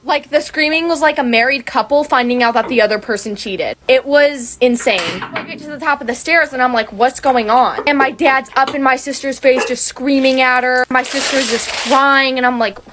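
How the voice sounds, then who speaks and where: A teenage girl chats through her story, stacking "like" between every thought. Her voice sits slightly high. She rambles casually and keeps the story moving. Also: moderate pace, hardly any pauses, noisy background. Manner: rambling, full of "like" fillers.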